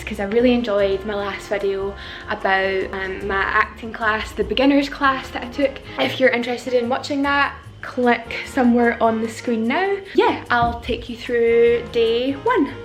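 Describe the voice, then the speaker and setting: A woman's voice: on the high side, low-quality recording. A woman with a Glasgow Scottish accent, chatting casually and giggly straight to camera in a vlog. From Scotland. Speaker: vlogger.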